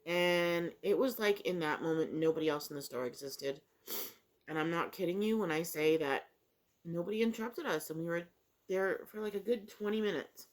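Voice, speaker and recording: A woman's voice: lowish voice, normal speed. A middle-aged woman, chatting casually over breakfast, rambling through a story with many fillers and restarts while she eats. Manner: talks while eating. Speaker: vlogger.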